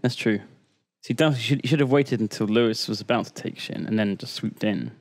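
A man's voice: on the low side, brisk. Regular guy, laid back, explaining game stuff to his mates mid game. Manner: relaxed, explains game mechanics. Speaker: gamer in a group let's play. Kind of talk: casual gaming chat.

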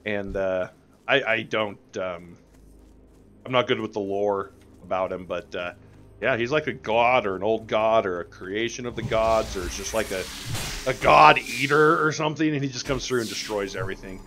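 A man's voice: fairly low pitch, moderate pace, pushed and bright. A young adult man streaming a game live, rambling and joking with his chat as he plays. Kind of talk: casual live-stream gameplay commentary.

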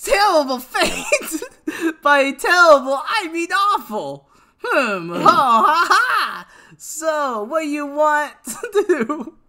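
A brash young male boss taunts his challengers in a lively, bouncing voice, as a woman streamer puts him on. The delivery is hammy and bright, raised high above a normal speaking voice, and pushed out with clear effort. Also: drawn-out words, heavily acted. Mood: taunting. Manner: hammy, breaks into laughter. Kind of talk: live-stream voice acting.

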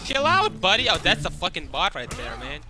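A man's voice: high voice, huge pitch swings, normal speed. A young man giving casual gameplay commentary, trash-talking and swearing at opponents. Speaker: gaming YouTuber. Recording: game music underneath.

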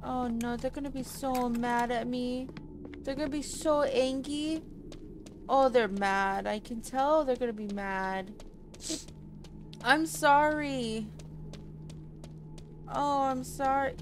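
A woman's voice: on the high side, unhurried, slight background noise. A woman streamer giving casual gameplay commentary, chatty and apologetic, swearing and laughing often. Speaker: streamer playing a horror game.

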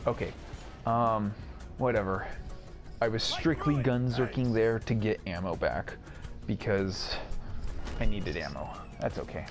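Slow-talking young man commenting on gameplay. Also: fairly low pitch, music in the background. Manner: excitable, rambling, stammers and repeats words. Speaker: gaming streamer.

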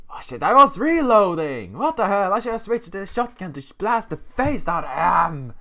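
A man doing let's play commentary on a shooter game, excitable and joking, yelling at enemies. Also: high-pitched, unhurried, few pauses, a little hiss or hum. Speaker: gaming YouTuber.

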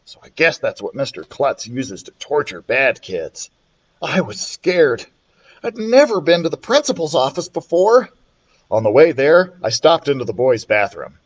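A man reading a children's chapter book aloud, expressive and playful, switching voices for the characters. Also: measured pace, husky. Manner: expressive, voices the characters with big pitch swings. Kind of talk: storybook read-aloud.

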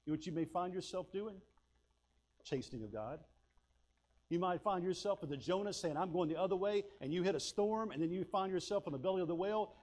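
A male pastor with a fairly high voice preaches in a folksy, storytelling way. He swings between loud bursts and hushed asides as he drives his points home. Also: expressive, brisk. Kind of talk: sermon with personal stories.

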